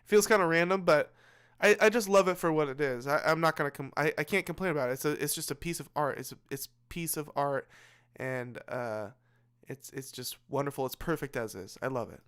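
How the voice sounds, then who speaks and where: Young guy, stream host, late-night casual chat, rambly with repeats, smooth tone a touch high. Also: a little fast, fairly bright tone. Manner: rambling, repeats and restarts words. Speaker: livestream host.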